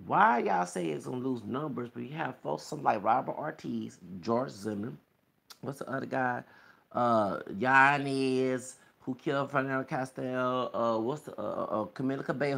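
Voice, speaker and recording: This Texas vlogger's voice is medium in pitch, gravelly, slightly rough and a bit bright. Heated and rambling, he rants to camera and keeps hammering his points with "okay?"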